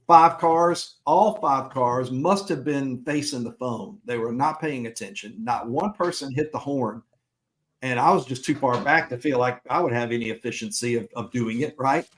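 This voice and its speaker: A man's voice: medium pitch, moderate pace, fairly bright tone. Middle-aged man telling a story on a podcast. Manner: chatty anecdote-teller who acts out dialogue. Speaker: podcast co-host.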